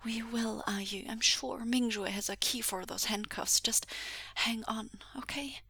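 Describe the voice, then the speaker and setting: A woman voicing a protective older sister, cold and fierce, in a hushed, clipped voice. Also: a little high, steady tone, a little slow, breathy edge, dry recording, pitched above the performer's own voice, heavily acted. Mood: gentle.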